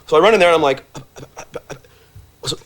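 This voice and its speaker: A man's voice: a little high, brisk, fairly bright tone. A man who stutters, repeating words, telling self-mocking stories and laughing often. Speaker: radio show regular. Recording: noisy recording.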